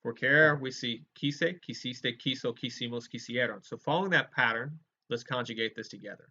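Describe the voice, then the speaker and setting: A man teaching a Spanish grammar lesson, explaining verb forms clearly and modeling each conjugation aloud for students to repeat. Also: medium pitch, a little fast, hardly any pauses, bright, forceful tone. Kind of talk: recorded lecture with choral drills. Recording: dull lo-fi lecture recording.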